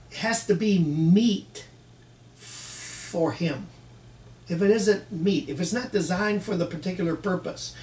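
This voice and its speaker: Slow-talking preacher man in an echoey room. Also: on the high side. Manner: folksy, acts out both sides of little dialogues. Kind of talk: sermon. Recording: echoey room, mic at a distance, faint background hiss.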